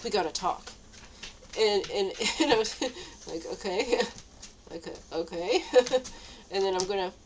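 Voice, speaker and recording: A woman's voice: fairly high pitch, slight background noise, rough recording. A woman talking to camera in a rambling, casual monologue, full of fillers and nervous laughs, now and then turning indignant. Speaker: vlogger.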